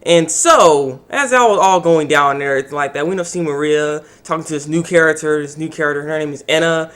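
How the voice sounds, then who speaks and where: A young man giving a casual anime episode review, animated and acting out the characters' lines. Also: a little high, clean tone. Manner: animated, acts out the characters' lines in quick voices.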